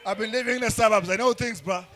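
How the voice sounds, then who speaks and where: A young man doing crude, rambling stand-up comedy with frequent restarts and shouted bursts. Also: sits high, fast. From South Africa.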